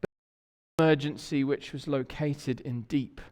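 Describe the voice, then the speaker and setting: With a mid-range, slightly mellow voice, fairly even intonation and normal speed, an English pastor preaches in a church sanctuary. He tells stories conversationally and asks the congregation questions, and the recording has long church reverb.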